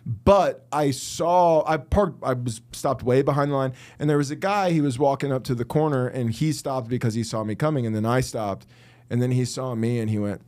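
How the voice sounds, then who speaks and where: A man's voice: mid-range voice, normal speed. A young man co-hosting a podcast, telling rambling stories in a casual chat with lots of swearing. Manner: swearing, animated storytelling. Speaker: podcast co-host.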